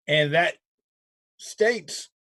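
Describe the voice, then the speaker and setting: A man hosting a casual talk show, riffing in an animated way with frequent restarts. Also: on the high side, drawn-out words, dry recording, clean studio sound. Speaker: show host. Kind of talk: casual chat.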